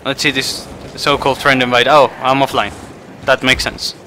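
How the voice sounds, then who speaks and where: A man giving frustrated live commentary over a car game, shouting outbursts and then muttering to himself. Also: mid-range voice, fairly even intonation, normal speed, slight background noise. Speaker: gaming video creator.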